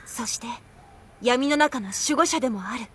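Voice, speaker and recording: An actress voicing a resolute young heroine in a game, a shield-bearing guardian who speaks with a fierce, determined tone. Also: female voice, fairly high pitch, quick pace, slight background noise, lightly acted. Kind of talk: game character voice line.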